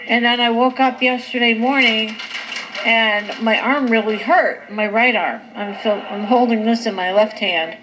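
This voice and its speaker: Loopy, medicated woman, high voice, very slow drawn-out delivery, noisy home camera audio. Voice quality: slow, drawn-out, slightly slurred talk. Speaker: vlogger. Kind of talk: casual home video. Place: home living room at night. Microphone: handheld camera.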